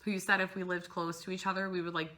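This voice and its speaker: A woman in her thirties chatting to camera as a stitching vlogger, her voice sitting a little low yet bright and forceful. She rambles and gushes, trailing off mid-thought, and sounds emotional, close to tears. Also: flat delivery, fast. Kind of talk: casual chat to camera.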